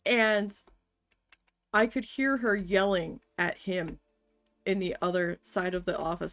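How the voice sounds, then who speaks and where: A woman streamer telling a personal work story casually, swearing freely and getting animated as she talks. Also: medium pitch, slow pace, long pauses, no room sound, faint music behind. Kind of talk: casual storytelling while gaming.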